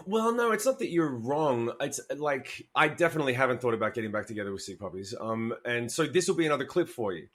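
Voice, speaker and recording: A man's voice: mid-range voice, very animated, quick pace. A man being interviewed as a musician guest, talking candidly, swearing freely and acting out quoted asides as he tells stories.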